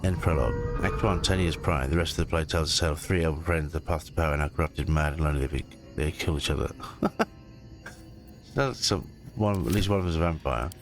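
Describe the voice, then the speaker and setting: Very deep-voiced male game commentator. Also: a little fast, soft background music. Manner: chatty, stumbles and corrects himself while reading. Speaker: gameplay commentator. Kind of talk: casual gameplay commentary, reading in-game texts aloud.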